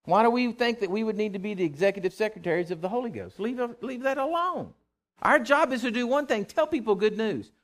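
Male pastor, high tenor voice, folksy and animated from the pulpit. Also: fairly quick. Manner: animated, folksy preaching with rising emphasis. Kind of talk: sermon.

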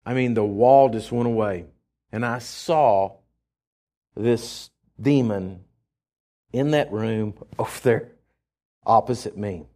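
A man's voice: on the low side, slow, long pauses, warm tone. A man preaching in church, telling a story dramatically and laughing as he goes. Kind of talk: storytelling sermon.

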